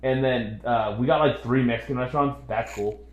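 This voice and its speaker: A young man chatting on a podcast in a quick, animated rush, voicing the people in his stories with loud outbursts. His voice is mid-pitched and sounds roomy, with echo off the walls. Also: muffled recording. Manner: animated storyteller, acts out quotes loudly. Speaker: podcast co-host. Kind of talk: casual chat.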